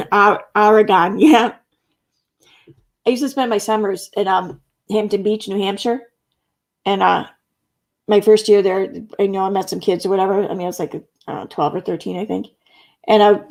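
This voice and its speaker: Laughing frequently, a middle-aged Central New York woman reads comments from her viewers out loud and talks them over on a laid-back live stream. She speaks at a middling pitch with a gravelly fry.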